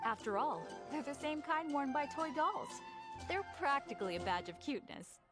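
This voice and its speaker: A woman's voice: sits high, sing-song, moderate pace. A woman voicing an eager, chatty young shopkeeper in a video game, bubbly and salesy, with game music behind. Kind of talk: video game character dialogue.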